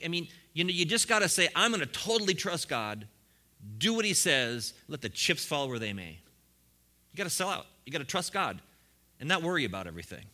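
Bright-voiced preaching man. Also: fairly high pitch, very animated, a little fast. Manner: preaching with rising bursts and chuckles. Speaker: pastor. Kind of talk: sermon.

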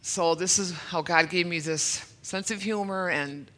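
A woman in her fifties shares her testimony at a church service, her voice bright and forceful. She speaks earnestly and emotionally, a touch nervous, and slips in self-deprecating humor. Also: lowish voice, measured pace. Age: 50s. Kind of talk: personal testimony.

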